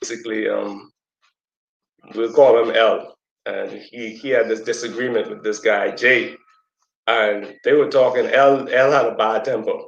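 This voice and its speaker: A man giving a casual teaching talk to a community audience, telling a story in a loose conversational way. He sometimes acts out quoted voices in a squeaky high pitch. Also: fairly even intonation, a little slow, gravelly, dull audio. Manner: conversational, loose, with fillers and asides. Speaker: speaker at a community presentation. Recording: roomy echo.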